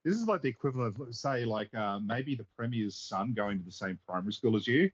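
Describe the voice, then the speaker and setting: A man's voice: mid-range voice, expressive, fairly quick, breathy edge. A man hosting a stream, rambling through casual reaction commentary with frequent laughs and swearing. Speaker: stream host. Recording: slightly dull lo-fi audio.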